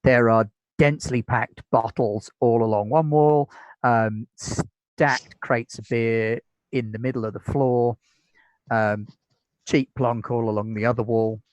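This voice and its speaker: Dry-voiced British game master. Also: male voice, mid-range voice, steady tone, slow, darkish tone, no echo, muffled recording. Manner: easygoing, descriptive, with many fillers. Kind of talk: narrating a tabletop game.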